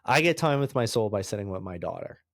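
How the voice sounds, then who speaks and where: This New York podcast guest, a man in his thirties, talks fast in a voice on the low side. In this casual storytelling interview he animatedly acts out other voices and laughs a lot, and the recording is dry and studio quality.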